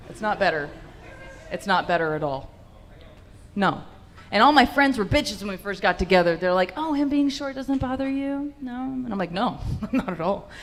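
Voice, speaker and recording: A young woman doing a stand-up set in a comedy club, brash and profane with punchy delivery into a handheld mic. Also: fairly low pitch.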